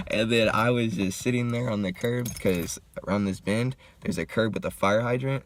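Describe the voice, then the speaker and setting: A young man telling a story in a laid-back, slangy, profane way while getting high and smoking. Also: normal speed, hardly any pauses. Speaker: vlogger. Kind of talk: casual storytime.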